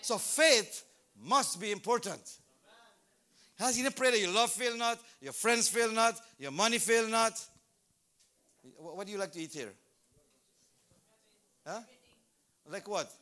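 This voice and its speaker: A man preaching in church, his voice pitched high and ringing bright. He tells the story with animation, acting out the scenes as he goes. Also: measured pace, long pauses. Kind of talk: sermon. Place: church service.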